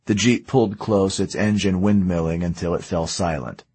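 A man narrates in a measured, steady way, his voice low and a little husky. The reading is close and dry, with no room sound around it. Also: no room sound. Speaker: audiobook narrator. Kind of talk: scripted narration.

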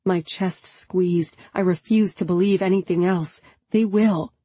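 Husky-voiced woman narrating an audiobook. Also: lowish voice, level tone, unhurried, dark tone, no room sound. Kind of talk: first-person scripted narration.

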